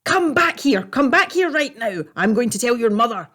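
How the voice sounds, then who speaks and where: A woman voicing a grumpy, short-tempered old man who snaps and shouts. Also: medium pitch, animated, a little fast, close to an everyday voice. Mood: angry. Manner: gruff, snapping, shouting.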